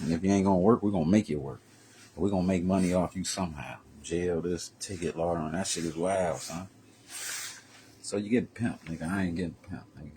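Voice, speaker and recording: A man vlogging a profane, heated street-talk rant that swings from low muttering to loud raised bursts. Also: a little fast, slight background noise.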